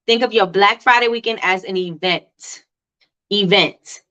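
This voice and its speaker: A woman hosting a live coaching stream for small business owners, talking fast, repeating herself and answering the chat as she goes. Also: mid-range voice, pushed and bright, muffled recording.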